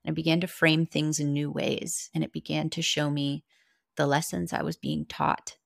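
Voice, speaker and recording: A woman's voice: low-pitched, flat delivery, moderate pace, gravelly, no room sound, studio quality. A woman guest on a podcast, earnestly and candidly telling a personal story, with casual swearing.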